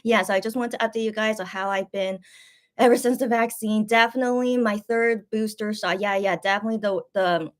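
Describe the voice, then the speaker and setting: A woman's voice: medium pitch, fairly even intonation, brisk. A woman chatting casually on a livestream as host, rambling and giggling, with lots of fillers and restarts, a little sick after a booster shot. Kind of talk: casual live-stream chat.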